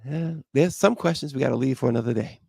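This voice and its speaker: A man's voice: mid-range voice, fast talker, creaky, a little mellow, breathy edge, no room sound, studio quality. A man hosting a live morning show, chatting casually and joking as he reads viewer comments aloud. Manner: joking, loose and rambling, laughs often.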